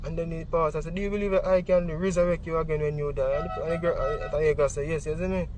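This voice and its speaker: High-voiced Jamaican man telling his story. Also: fairly even intonation, fast talker, noisy background. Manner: vivid storytelling in patois, acting out quotes. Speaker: witness. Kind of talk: emotional eyewitness account.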